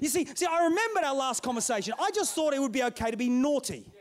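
Middle-aged guy pastor, really high voice, playful storytelling sermon, keeps calling out to the crowd. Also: quick pace, hardly any pauses. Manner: animated, playful, calls out to the congregation.

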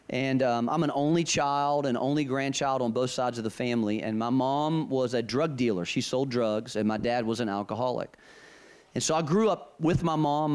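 A man's voice: mid-range voice, smooth. A middle-aged man preaching a sermon, telling personal stories with emphasis and repeating key phrases.

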